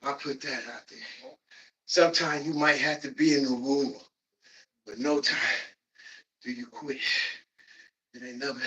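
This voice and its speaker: Breathless man pumping himself up. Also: medium pitch. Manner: preachy, pumped-up coaching with loud whoops. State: out of breath from exercising. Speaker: livestreamer leading a workout. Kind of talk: motivational workout talk. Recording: voice distant from the mic.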